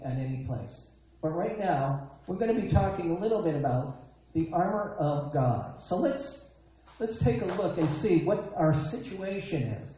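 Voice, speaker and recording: Guy preaching a sermon, keeps repeating himself and throwing out questions, mellow voice, super echoey dull recording. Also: on the high side. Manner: emphatic, repeats phrases, asks rhetorical questions.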